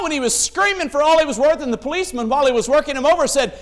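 High-voiced, animated man preaching a sermon. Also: fast talker. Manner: emphatic, acts out quoted voices in stories.

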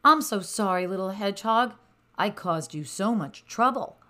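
A woman's voice: medium pitch, animated, normal speed, pushed and bright, pitched above the performer's own voice. A woman voicing an eager little boy cub in a storybook. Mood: sorry.

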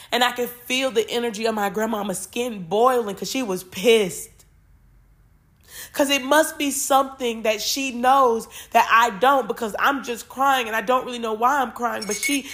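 A woman's voice: a little high, a bit bright. A woman, reading Bible verses and talking emotionally and informally, swearing freely, on her spiritual podcast.

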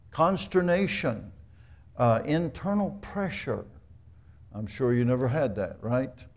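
Male preacher, gravelly voice, conversational sermon with rhetorical questions. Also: on the high side, a little mellow. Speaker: pastor.

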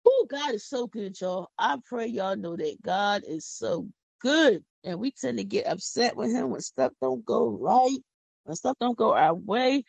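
Woman podcast host, gravelly and husky; fervent devotional preaching, dry close sound. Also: on the high side, lively intonation, a little slow, no echo. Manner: fervent, folksy, repeats words for emphasis. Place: home.

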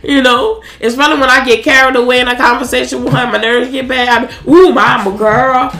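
A woman's voice: high-pitched, flat delivery, fast talker, over music. A woman in her thirties chatting casually as a podcast co-host, telling stories in a blunt, profane way. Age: 30s. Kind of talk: casual chat. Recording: echoey room.

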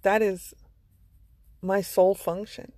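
A woman's voice: medium pitch, level tone, slow pace, a little mellow, dry recording. A woman vlogger giving a motivational monologue, earnest and blunt, with some swearing. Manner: earnest, blunt, sprinkled with profanity.

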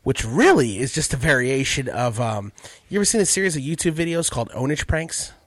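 A man's voice: mid-range voice, big pitch swings, brisk, fairly bright tone, no echo. A male stand-up comedian chatting casually and animatedly about his impressions. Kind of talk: casual podcast chat.

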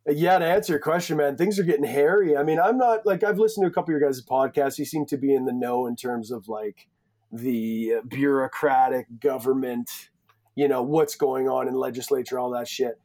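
A man's voice: medium pitch, a little fast, a little mellow. A man from Alberta, Canada, a podcast guest talking loosely and joking, swearing a lot and calling people buddy and man. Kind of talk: casual podcast chat.

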